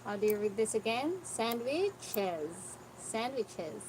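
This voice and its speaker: Woman, online English tutor; unhurried, patient and corrective; fairly high voice; noisy background. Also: animated. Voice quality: patient, corrective, repeats words slowly for the student. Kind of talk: online pronunciation lesson. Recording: noticeable background noise.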